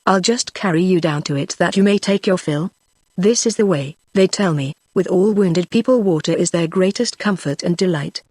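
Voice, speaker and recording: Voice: medium pitch, normal speed, darkish tone, no echo, clean studio sound, natural voice. A text-to-speech voice reading the lines of a young male frontier hunter who speaks in an earnest, rustic backwoods dialect. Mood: reassuring. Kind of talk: synthetic audiobook reading.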